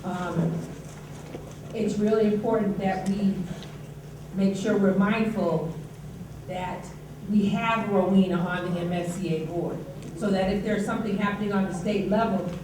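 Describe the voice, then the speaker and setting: A woman presiding over a union meeting, measured and pointed as she moves through the agenda. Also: medium pitch, steady tone. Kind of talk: chairing a meeting. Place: large meeting hall. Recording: echoey hall from far off, background noise.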